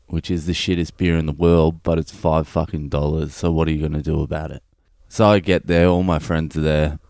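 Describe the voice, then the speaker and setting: A man's voice: rumbling low, a little mellow, clear, resonant tone, no echo, clean studio sound. A man, a comedian hosting his own podcast, telling a profane comic story in a blunt, loose, conversational way. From Australia.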